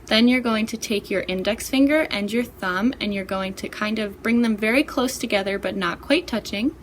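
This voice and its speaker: A woman, a children's librarian, patiently giving clear step-by-step directions for baby signs. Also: medium pitch, normal speed, a little hiss or hum. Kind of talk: step-by-step baby sign instruction.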